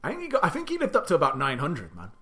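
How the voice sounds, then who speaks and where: A man hosts a multiplayer game session over a voice call, rambling and joking with plenty of filler words. His pitch swings all over the place, and his tone is bright and forceful. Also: huge pitch swings, racing. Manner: rambling, jokey, lots of filler "like". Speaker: let's play host. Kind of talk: casual gaming chat with co-hosts.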